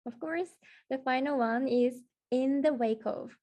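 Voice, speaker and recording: Female co-presenter, somewhat high and mellow, polite and curious, reads definitions. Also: measured pace. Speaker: co-host student asking questions. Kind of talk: classroom vocabulary lesson.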